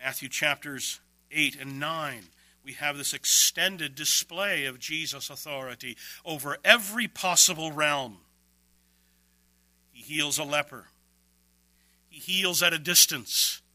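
A man preaching an expository sermon, emphatic, with quick bursts and slow, stressed words. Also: on the high side, bright, forceful tone, no echo.

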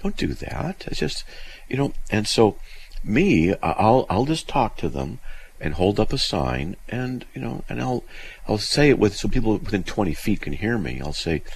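A man hosting a call-in radio show, telling a story in a lively, animated way with many restarts. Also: fairly low pitch, moderate pace, breathy edge, low-quality recording. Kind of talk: casual call-in radio talk.

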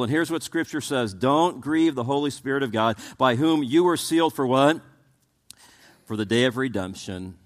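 A male pastor delivering a sermon in a medium-pitched voice. He preaches with animated swings between soft and loud, peppering his talk with rhetorical questions. He often stumbles into stammered restarts before pressing on. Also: normal speed.

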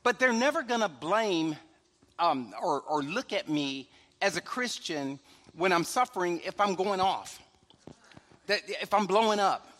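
Male pastor, sermon, very high voice, conversational with chuckles, church hall, long reverb. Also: animated, unhurried, a bit bright. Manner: conversational preaching, frequent "right?" asides, chuckles.

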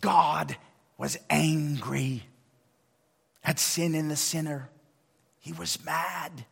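A male pastor giving a sermon, swinging between hushed lines and loud emphatic ones. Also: a little high, steady tone, very slow, gravelly, slightly rough. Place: church sanctuary. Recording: long hall reverb.

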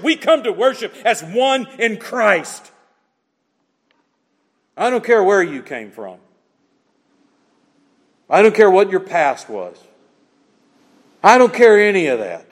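A man's voice: high-pitched, big-room sound. A man preaching an expository sermon, pressing his points with emphatic repetition and rhetorical questions to the congregation. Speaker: pastor.

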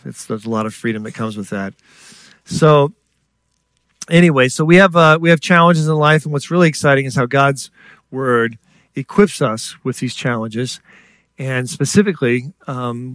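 Lively preacher man telling stories. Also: medium pitch, dry recording. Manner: lively storyteller, acts out voices, jokes with the congregation. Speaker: guest preacher. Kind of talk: sermon with stories.

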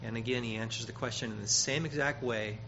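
A man preaching a sermon, emphatic, growing loud when he quotes scripture and often repeating words. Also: mid-range voice, fairly even intonation, fast. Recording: dull, slightly noisy sermon recording.

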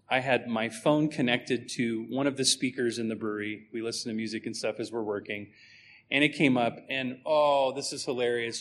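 A man's voice: mid-range voice, fairly bright tone, a little hiss or hum. A man preaching a sermon, emphatic and conversational, putting rhetorical questions to his congregation.

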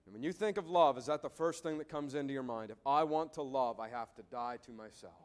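A man's voice: mid-range voice, fast, clear, resonant tone. A male pastor giving an earnest sermon to a congregation, often repeating words as he thinks aloud. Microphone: preaching to a congregation.

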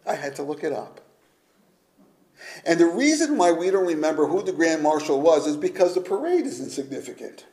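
A man preaching a sermon, emphatic, shifting between loud declarations and hushed, almost whispered lines. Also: fairly high pitch, very animated, brisk. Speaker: pastor.

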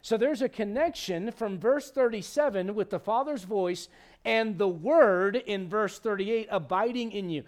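A man with a high, light voice preaches in an animated, chatty way. He jumps between scripture and everyday asides, often restarting his sentences as he goes. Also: a little slow. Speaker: pastor. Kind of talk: sermon.

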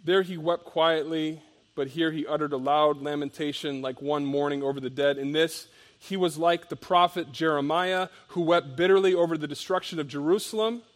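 A man preaching a sermon as pastor, reading scripture aloud and explaining it with emphatic rises and soft drops. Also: a little high, steady tone, normal speed.

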